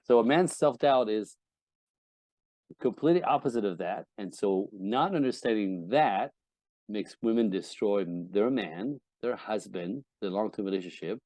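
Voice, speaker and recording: Blunt, emphatic man with a deep, mellow voice. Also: lively intonation, normal speed, no room sound. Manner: blunt and emphatic, swears often; acts out quoted voices of wives and husbands. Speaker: relationship coach, podcast guest. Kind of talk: candid podcast interview.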